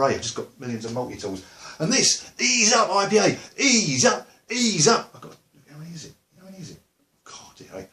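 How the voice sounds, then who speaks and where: An Essex man talks to camera in loose, joking, wandering chat, full of "um" and "you know." His voice sits at an ordinary middle pitch. The room around him rings noticeably. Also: fairly bright tone, roomy sound. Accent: Essex English. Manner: jokey, rambling, lots of fillers and asides. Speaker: musician vlogger. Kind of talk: casual rambling chat to camera.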